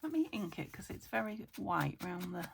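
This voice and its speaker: Gravelly woman chatting while crafting. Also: lowish voice, sing-song, normal speed, a little hiss or hum. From United Kingdom. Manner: chatty, thinking aloud, often drops to a whisper. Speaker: junk journal crafter. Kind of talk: casual crafting chat.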